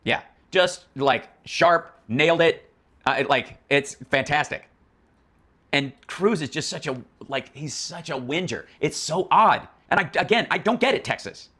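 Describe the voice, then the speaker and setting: A man's voice: a little high, animated, measured pace, pushed and bright. A man hosting a political commentary stream, ranting in a profane, mocking, exasperated way with many restarts and asides.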